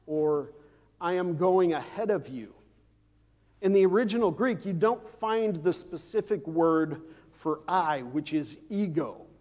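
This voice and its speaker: A man preaching a sermon as pastor, measured and unhurried, with frequent "uh" fillers and the odd dry aside. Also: sits high, a little mellow. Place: church sanctuary. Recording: long church hall reverb.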